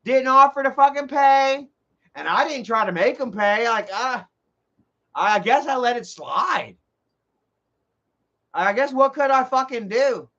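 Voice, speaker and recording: A man tells rambling, profane stories on his livestream. His voice sits high, and it comes through dull lo-fi stream audio. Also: a little slow, long pauses. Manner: rambling, profane, animated storytelling. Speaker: livestream host. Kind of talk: casual storytelling on a livestream.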